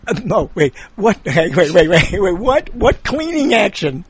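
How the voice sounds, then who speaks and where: A man's voice: high voice, sing-song, breathy edge, dry recording. A man in casual chat, telling pun riddles with lots of laughter and restarts. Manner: giggly, halting, keeps restarting his riddles.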